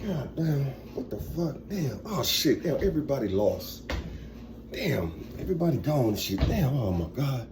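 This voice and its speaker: A man's voice: medium pitch, big pitch swings, moderate pace, noisy background. A man voicing a bewildered man left on his own, muttering and swearing in dismay. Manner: muttering, profane.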